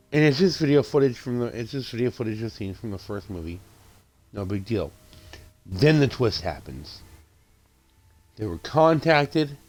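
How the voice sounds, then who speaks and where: A man talks through a horror movie he just watched in a loose, unscripted recap. He swears freely, stumbles and restarts his sentences, and slips into quick acted-out bits of what the characters said. His voice sits at an ordinary middle pitch. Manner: excitable, profane retelling with frequent restarts and acted-out quotes. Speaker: movie reviewer. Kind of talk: casual spoken movie recap.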